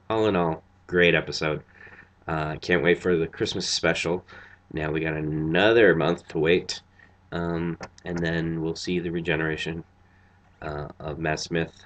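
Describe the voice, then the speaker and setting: Casting: tired male vlogger, very low voice, loose rambling review full of ums. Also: lo-fi sound. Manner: rambling, many fillers and restarts. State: tired after a long night. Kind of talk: casual spoken review.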